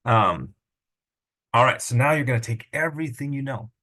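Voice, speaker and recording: A man's voice: medium pitch, animated, normal speed, sharp tone. A middle-aged man teaching a language lesson, patiently sounding out syllables and correcting himself as he goes. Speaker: Greek teacher. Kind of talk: screen-recorded lesson.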